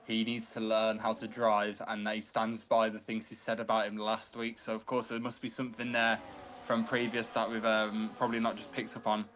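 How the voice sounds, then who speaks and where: Steady mid-voiced co-commentator man. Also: medium pitch. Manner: steady, chatty co-commentator who reads the chat. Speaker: sim racing commentator. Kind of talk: live race commentary.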